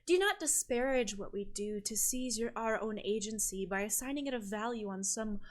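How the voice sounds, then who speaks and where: A woman voicing a serene, sinister leader of an island sisterhood, honeyed and quietly menacing. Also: mid-range voice, expressive, normal speed, natural voice. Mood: serenely menacing.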